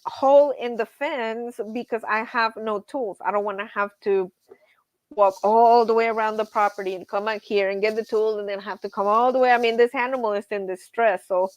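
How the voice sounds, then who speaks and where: A woman's voice: fairly high pitch, normal speed, no room sound. A woman hosting a casual livestream, telling stories with laughter and reading viewer comments aloud. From grew up on a ranch. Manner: animated storytelling with laughs. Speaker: livestream host.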